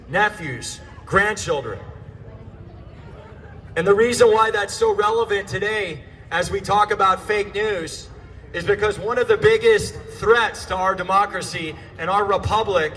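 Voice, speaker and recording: A man giving an impassioned speech to a crowd outdoors, fiery and sarcastic, often shouting through a megaphone. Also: high voice. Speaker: rally speaker. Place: outdoors at a street protest.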